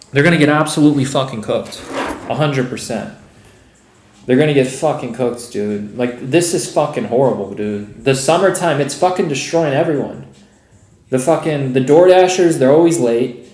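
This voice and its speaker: A man's voice: medium pitch, dark tone, echoey room. A man ranting on a live trading stream in casual talk, frustrated, swearing heavily and calling his viewers bro and dude.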